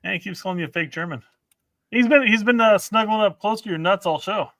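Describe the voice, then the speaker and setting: Bright-voiced joking man. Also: high-pitched, dry recording. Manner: joking, halting with restarts. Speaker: podcast co-host. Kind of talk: casual crude chat.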